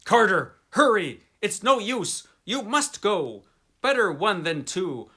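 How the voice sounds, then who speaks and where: A man voicing a terrified young man trapped underground, shouting frantic warnings in a high strained voice. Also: very animated, slow pace, husky, exaggerated voice.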